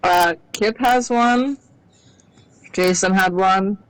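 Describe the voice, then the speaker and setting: A woman's voice: mid-range voice, takes it slowly, smooth, no room sound, low-quality recording. A woman playing a tabletop game, thinking aloud and hesitating as she talks. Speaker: player. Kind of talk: casual game play.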